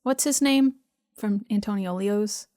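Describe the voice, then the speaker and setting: A woman co-hosting a casual podcast, talking things through out loud. Her middle-pitched voice is full of fillers and quick self-corrections. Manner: thoughtful, lots of filler words and self-corrections. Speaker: podcast co-host. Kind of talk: casual chat.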